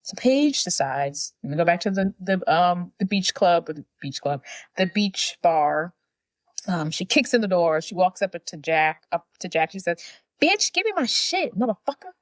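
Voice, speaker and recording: Low-voiced woman recapping a movie. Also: moderate pace, no echo, studio quality. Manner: chatty, acts out characters' lines while retelling. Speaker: podcast co-host.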